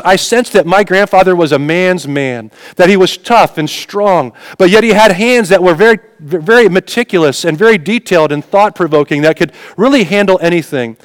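Guy preaching a sermon, chatty asides to the crowd, smooth clear voice a bit high. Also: no room sound, big-room sound. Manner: conversational preaching with personal stories and asides to the congregation. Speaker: pastor.

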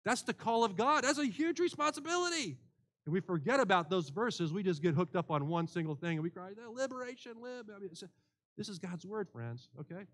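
Man, pastor, sermon in church, high voice, earnest, repeats himself. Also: lively intonation, fairly quick, fairly bright tone. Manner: earnest preaching with repeated restarts.

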